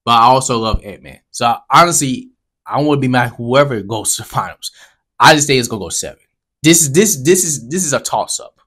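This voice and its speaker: A man in the middle of a heated basketball rant, talking straight at his viewers as a vlogger. His voice sits at an ordinary middle pitch, dropping to low mutters and then jumping up in loud outbursts. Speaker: sports commentary vlogger. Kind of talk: casual basketball commentary rant.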